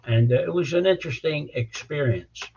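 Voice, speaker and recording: A man's voice: a little high, normal speed, creaky, darkish tone, husky. An older man, a criminal defense lawyer, telling stories bluntly in an interview, often repeating words as he starts a sentence. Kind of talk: storytelling interview. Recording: dull lo-fi audio.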